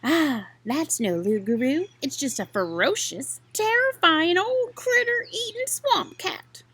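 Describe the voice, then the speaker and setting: A woman voicing a young, forgetful boy possum who scares easily, in high breathless exclamations. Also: animated, takes it slowly, a bit bright, exaggerated voice. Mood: frightened.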